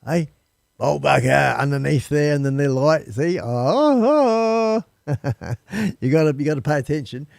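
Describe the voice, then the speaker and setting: A man's voice: fairly high pitch, lively intonation, a little slow, gravelly, a little mellow, no room sound. An Australian man hosting a casual live stream from his temporary studio, chatting to viewers in a rambling, friendly way and calling them folks.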